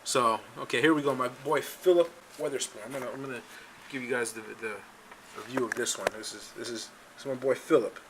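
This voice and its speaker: A man's voice: medium pitch, fairly even intonation, fairly quick, background noise. A man hosting his own political show, talking casually and sarcastically, often repeating himself as he goes. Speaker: political talk show host. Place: home studio in California.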